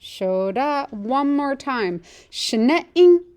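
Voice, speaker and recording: A woman with a fairly high, expressive, slightly mellow voice teaches a language lesson. She says model phrases slowly and clearly for learners to repeat, then explains things more quickly.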